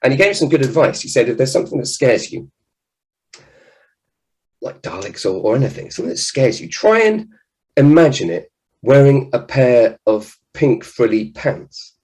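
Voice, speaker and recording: A man, a children's author, giving a lively, jokey talk to children at an event. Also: medium pitch, normal speed, poor audio. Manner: animated, jokey, acts out scared voices.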